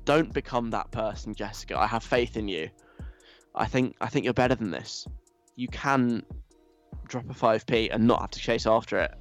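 A man's voice: fairly low pitch, normal speed, soft background music. A young man, reading out listener messages and answering them in a teasing, mock-stern, casual way. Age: young adult. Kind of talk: casual chat.

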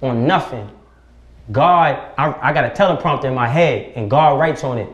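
A man speaking as a podcast guest, preaching forcefully with profanity and rhetorical questions. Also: medium pitch, moderate pace, muffled recording. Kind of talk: impassioned podcast conversation. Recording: roomy echo.

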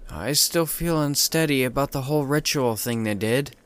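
A man's voice: moderate pace, clean tone, lightly acted. A man doing a spooked anxious young man. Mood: uneasy. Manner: uneasy, low-key.

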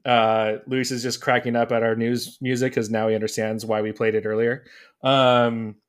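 A man's voice: medium pitch, little pitch movement, moderate pace, smooth. A man hosting a podcast in casual chat, loose and rambling with many fillers. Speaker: podcast host.

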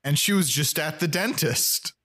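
A man's voice: a little high, expressive, normal speed, bright, forceful tone. Chatty man recapping a sitcom. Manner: chatty, laughs often, searches for words. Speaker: podcast co-host. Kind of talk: casual chat recapping a TV episode.

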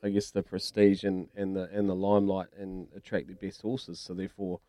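A man's voice: low-pitched, flat delivery, fairly quick, warm tone, dry recording. A man with a New Zealand accent co-hosting a radio sports show, chatting casually in a matey, rambling way.

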